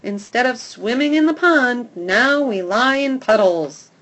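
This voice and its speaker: A woman's voice: on the high side, animated, a little slow, fairly bright tone, pitched above the performer's own voice. Woman doing a grumbling, sarcastic female dog. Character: gruff, cynical female dog, sneering.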